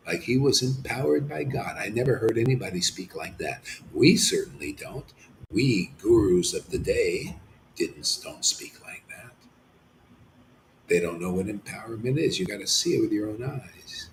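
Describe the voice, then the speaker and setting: A man preaching an impassioned sermon as a spiritual teacher, swinging from shouts to hushed near-whispers and dropping casual slang. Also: lowish voice, expressive, moderate pace. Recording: roomy echoey room.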